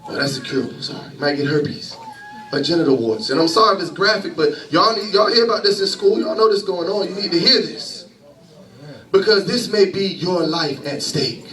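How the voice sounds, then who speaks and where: High-voiced preacher in an echoey hall. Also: male voice, fairly quick, sharp tone, recorded from a distance. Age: 30s. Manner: conversational preaching with laughter and call-and-response. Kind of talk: sermon.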